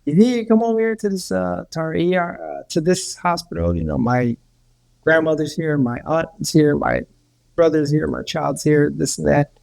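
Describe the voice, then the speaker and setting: Male healer guest, rambling storyteller, fry in the voice. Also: a little high, moderate pace, a little mellow. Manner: rambling, repeats words, many restarts. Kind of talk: casual storytelling.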